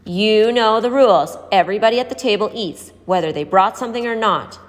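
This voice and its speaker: A woman's voice: mid-range voice, fairly quick, big-room sound, pitched above the performer's own voice, close to an everyday voice. A woman voicing Ben, an authoritative boy who leads a group of street kids, while reading a storybook aloud. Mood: stern. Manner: authoritative, insistent.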